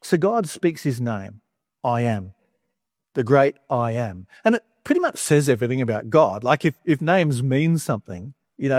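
A man's voice: medium pitch, moderate pace, dry recording. Man preaching conversationally, dry sound. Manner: conversational, wry asides, animated emphasis. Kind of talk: sermon.

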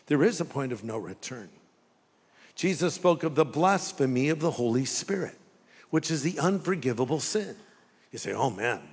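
A pastor preaching a sermon, with dramatic pauses and rhetorical questions. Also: male voice, high voice. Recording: long hall reverb.

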